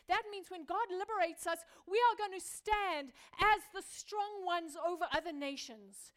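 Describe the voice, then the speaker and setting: A woman pastor preaching a sermon, building through repeated phrases and dropping from loud emphasis to a hushed near-whisper. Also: very high voice, normal speed, few pauses. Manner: repetitive rhetorical building.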